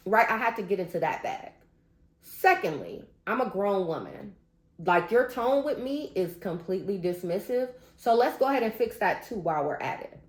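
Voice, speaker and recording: A woman's voice: medium pitch, very animated, normal speed. Woman, emphatic, casual commentary, talks to viewers, roomy room sound. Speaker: vlogger. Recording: roomy echo.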